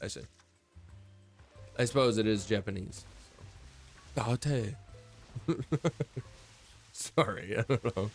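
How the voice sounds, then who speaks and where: Slow, rambling man streamer. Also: fairly low pitch, soft background music. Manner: rambling, laid-back, swears freely. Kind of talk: casual stream chat.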